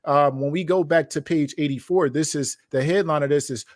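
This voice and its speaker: A male commentary show host reacts to documents, reading quoted passages aloud and then commenting emphatically with rhetorical questions. His voice is fairly high and moves at normal speed with hardly any pauses, captured in clean studio sound without echo.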